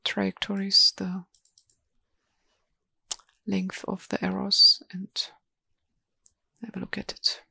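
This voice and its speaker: Female webinar presenter, halting and monotone, dry sound with mouse clicks. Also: mid-range voice, gravelly, breathy edge, dry recording. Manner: slow, hesitant, many ums and restarts. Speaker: software presenter. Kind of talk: live software demo webinar.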